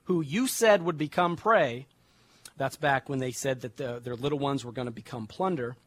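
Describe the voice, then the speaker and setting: A young adult man preaching, reading scripture slowly and then explaining it in casual everyday words. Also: medium pitch, a bit bright, dry recording.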